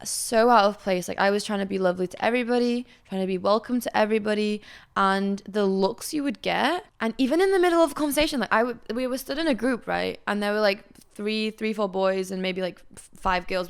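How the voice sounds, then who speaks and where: A young woman with a smooth, clear voice, talking in an even, middle pitch. She tells a candid, indignant story in casual podcast chat and swears freely. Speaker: influencer guest.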